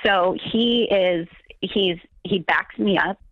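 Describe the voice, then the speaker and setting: A woman's voice: mid-range voice, no room sound. A woman calling in to a radio advice show. She talks hesitantly and halts mid-sentence, and her voice comes through a muffled phone line. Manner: hesitant, halting, with restarts. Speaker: caller. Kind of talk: call-in conversation.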